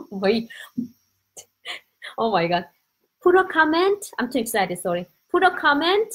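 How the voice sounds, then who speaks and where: A middle-aged woman with a Korean accent, a native Korean speaker, chats excitedly on a casual live stream from home. Her voice sits high and leaps up and down with lively energy. She calls out to viewers by name as she talks. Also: slow pace, rough recording.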